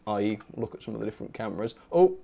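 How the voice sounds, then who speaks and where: A man's voice: on the low side, lively intonation, very fast, creaky, dark tone. A young man hosting a livestream in a casual, chatty way, laughing often and talking to his viewers. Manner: chatty, giggly, self-mocking, reads chat aloud. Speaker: host of a model railway livestream.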